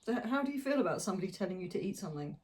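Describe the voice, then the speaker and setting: A woman's voice: medium pitch, big pitch swings, very fast, darkish tone. A middle-aged woman, co-hosting a podcast in casual chat, asking short questions and dropping in teasing remarks. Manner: brief, teasing interjections. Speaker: podcast co-host.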